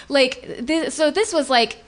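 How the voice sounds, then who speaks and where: A woman's voice: sits high, slow. Woman rambling through a confessional comic story. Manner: rambling, full of "like" and restarts. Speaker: storyteller on a live comedy podcast. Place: live stage show.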